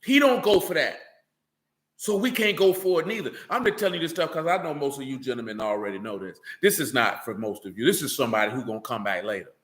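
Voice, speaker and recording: A man's voice: medium pitch, expressive, quick pace, fairly bright tone, roomy sound. A man giving an informal, streetwise sermon as a religious teacher, blunt and emphatic, full of slang.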